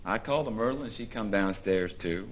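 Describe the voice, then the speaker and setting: An actor voicing a blunt, sly country man from the Deep South, who drawls his story in a low register with earthy relish. It comes across as a dull, muffled live theatre recording. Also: brisk, lightly acted. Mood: gleeful. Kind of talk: live dramatic reading. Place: theatre stage before a live audience.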